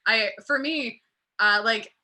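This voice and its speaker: A woman on a panel chatting casually over a video call, acting out scenes in quick quoted voices. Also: on the high side, bright, forceful tone, low-quality recording.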